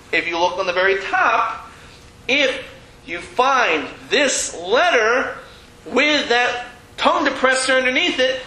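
A very high, sharp-toned male voice comes through a low-quality, echoey recording. He's teaching Hebrew reading in a classroom with a board, keeping it chatty and self-deprecating while often restarting what he says.

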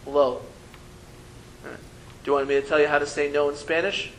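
A man's voice: a little high, level tone, a little fast, a little hiss or hum, rough recording. A man teaching a Hebrew reading lesson to a class, patiently sounding out syllables and teasing his students playfully.

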